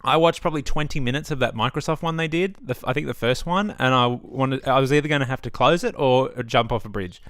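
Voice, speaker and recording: A man's voice: medium pitch, fast, few pauses, a bit bright, no echo, studio quality. A young man, ranting casually and sarcastically at home, swearing often. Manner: ranty, sweary, sarcastic asides. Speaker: gaming vlogger. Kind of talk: casual opinion rant. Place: home setup.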